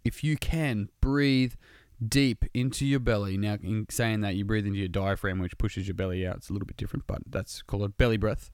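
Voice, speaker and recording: Smooth-voiced man giving earnest casual advice. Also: on the low side, steady tone, a little fast, a little mellow, no echo, clean studio sound. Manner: earnest, casual, swears freely. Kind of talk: casual motivational monologue.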